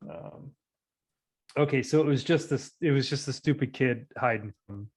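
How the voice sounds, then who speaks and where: A man from Ohio hosting a casual chat, loose and self-deprecating with halting restarts. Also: medium pitch.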